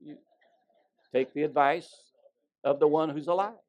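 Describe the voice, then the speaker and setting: A male preacher with a fairly high voice delivers a sermon in a folksy storytelling way. He swings between ringing emphasis and near-whispered asides. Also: a little slow, dull audio.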